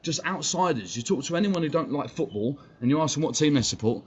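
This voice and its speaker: A man's voice: fairly high pitch, animated, fast, hardly any pauses, husky, dull audio. A man with an English accent ranting on a live stream, blunt and profane, talking straight at his chat. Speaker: fan channel streamer. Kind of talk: heated live-stream rant.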